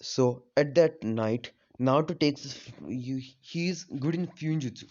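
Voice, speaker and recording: A man's voice: mid-range voice, unhurried, a little mellow. A man casually retelling a fan story, rambling with many fillers. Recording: slightly dull lo-fi audio.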